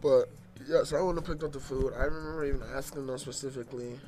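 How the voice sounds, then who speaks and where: A young man telling a rambling, profane story in casual slang, growing loud and animated when worked up. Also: mid-range voice, fast.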